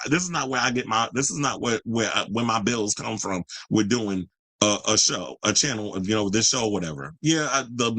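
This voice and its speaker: A blunt, foul-mouthed man hosts a commentary livestream and talks straight to his viewers and their comments. His voice sits at a middling pitch, and the sound is dry and close, with no room around it. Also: fairly bright tone, no room sound, poor audio. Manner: profane, blunt and combative. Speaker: host of a pop culture commentary channel.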